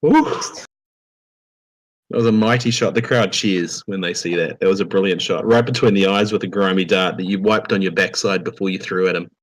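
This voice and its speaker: Brief: low-voiced male game master, chatty, hesitant, home computer mic. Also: steady tone, a little fast, low-quality recording. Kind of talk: running a tabletop game online. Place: home room.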